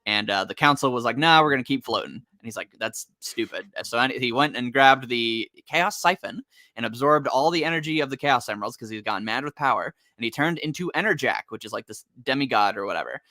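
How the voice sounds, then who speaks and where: A young man recaps a comic in a rambling, sarcastic flow, dropping into quick acted asides along the way. His voice sits at an ordinary male pitch but has a bright, forward edge. It is recorded close and dry. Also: lively intonation, no room sound. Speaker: podcast co-host. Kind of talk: casual comic recap chat.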